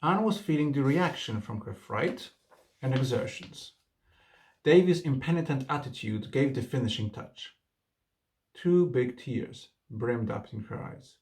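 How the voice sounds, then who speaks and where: A man's voice: mid-range voice, unhurried. A man narrating a storybook reading and then reflecting on it in earnest book commentary.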